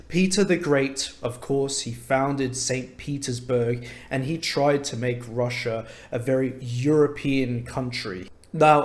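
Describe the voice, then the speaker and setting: Emphatic English man from London. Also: mid-range voice. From London, England. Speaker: English teacher, channel host. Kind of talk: casual opinion talk to camera.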